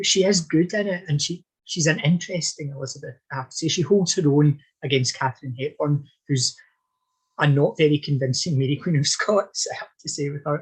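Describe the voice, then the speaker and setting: Man, historian guest, husky tone, slightly high voice, discursive and thoughtful. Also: poor audio. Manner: discursive, thoughtful, frequent self-corrections. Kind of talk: conversational podcast interview.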